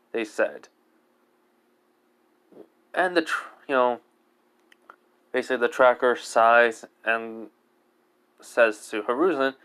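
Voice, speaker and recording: A man's voice: mid-range voice, takes it slowly, long pauses, a bit bright, clean tone. A man casually improvising a fan-fiction story, rambling and leaning on fillers and self-corrections. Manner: rambling, heavy use of "basically" and self-corrections.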